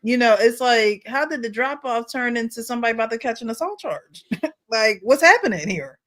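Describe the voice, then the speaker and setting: A woman on a discussion panel, commenting in a quick, incredulous way. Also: on the high side, expressive, a bit bright.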